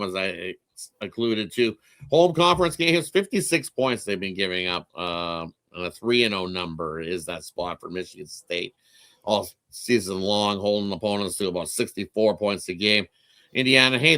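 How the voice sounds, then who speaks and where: Casting: man from Canada, betting show host, bright forceful voice, chatty and lively. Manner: upbeat, chatty, jumps in pitch and loudness. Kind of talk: casual betting talk.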